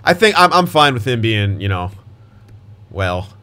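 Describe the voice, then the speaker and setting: A man's voice: on the low side, big pitch swings, a little slow, bright, forceful tone, clean tone. A young man giving casual gameplay commentary as a gaming YouTuber, thinking aloud and restarting his sentences, with hiccups and voice cracks.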